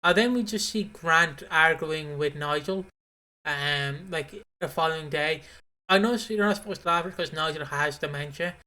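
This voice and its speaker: A man co-hosts a casual podcast, his voice bright and a little sharp in tone. He rambles through retellings, restarting sentences as he goes. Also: a little high, moderate pace. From Britain. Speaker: podcast co-host. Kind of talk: casual chat.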